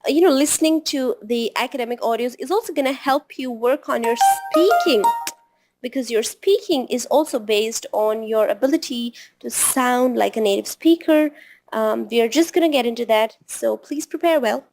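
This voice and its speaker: A woman with a fairly high voice gives a relaxed, conversational lesson on exam preparation. She talks like a friendly tutor and keeps checking in with a quick tag question after her points. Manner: chatty, often ends points with a tag question. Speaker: test-prep tutor. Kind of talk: informal online lesson.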